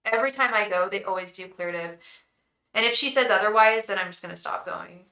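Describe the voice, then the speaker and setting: Bright-voiced chatty woman tarot reader. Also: mid-range voice, fairly quick, rough recording. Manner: rambling, chatty, talks straight to viewers. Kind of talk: casual livestream chat.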